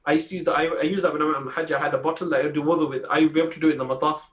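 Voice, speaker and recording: Teasing man, higher voice. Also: fairly even intonation, racing. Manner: teasing, jokey banter. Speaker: podcast co-host. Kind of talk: casual chat.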